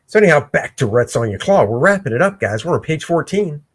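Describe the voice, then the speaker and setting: A man hosting a casual livestream where he talks through his own comic pencils, excitable and breaking into shouts. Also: on the high side, quick pace, husky. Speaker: comic artist and show host. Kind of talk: casual livestream art commentary.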